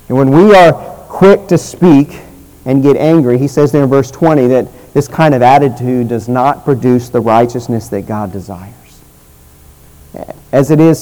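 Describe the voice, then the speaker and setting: A man delivering a sermon with a mellow, warm voice at a middle pitch. He teaches earnestly and slows down on key phrases. His sentence endings trail off softly. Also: poor audio. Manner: earnest teaching tone, slows for emphasis, drops soft at phrase ends. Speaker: preacher.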